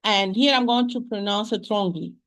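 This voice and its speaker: A woman teaching tajweed online, repeating sounds slowly and patiently, with frequent restarts. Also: medium pitch, fairly bright tone. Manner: hesitant restarts, addresses listeners as sisters. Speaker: Quran recitation teacher. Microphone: home computer mic on a shaky internet connection.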